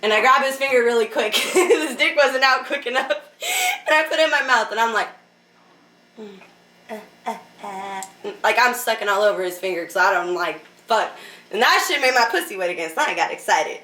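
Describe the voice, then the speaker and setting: A woman's voice: on the high side, sing-song, brisk, far from the mic. A young woman telling candid stories as an interview guest, laughing often and filling her talk with "like". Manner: laughs often, fills with "like", drops to a hush for quoted lines. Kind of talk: candid casual storytelling. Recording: roomy echo, off-mic.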